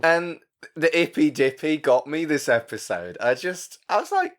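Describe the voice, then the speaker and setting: A man's voice: fairly high pitch, big pitch swings, normal speed. A man co-hosting a podcast, chatting casually and laughing easily. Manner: giggly, easily amused. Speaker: podcast co-host. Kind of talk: casual chat.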